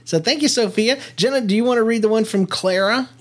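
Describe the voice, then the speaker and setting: Chatty, playful dad hosting a podcast. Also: male voice, sits high, brisk, a bit bright. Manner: chatty and playful, laughs often, many fillers and restarts. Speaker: podcast co-host with his daughter. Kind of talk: casual family podcast chat.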